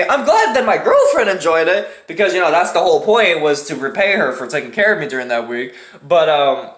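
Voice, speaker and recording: Fast-talking, animated storytelling man. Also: sits high, roomy sound. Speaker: vlog host. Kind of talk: casual storytime vlog.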